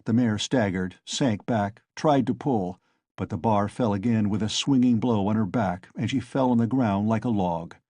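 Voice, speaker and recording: A man narrating an audiobook in a steady storytelling manner on a close mic. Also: on the low side, normal speed, no echo. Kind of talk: scripted narration.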